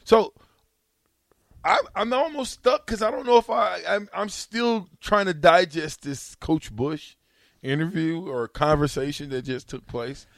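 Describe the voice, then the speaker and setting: A man's voice: a little high, measured pace, no echo, clean studio sound. A man co-hosting a casual sports talk show, playful and protesting as he banters with his co-hosts. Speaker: co-host.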